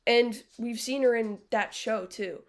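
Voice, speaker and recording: A woman's voice: on the high side, unhurried. A young adult woman live-streaming, chatting casually with viewers in a blunt, sarcastic way, swearing freely. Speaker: livestreamer.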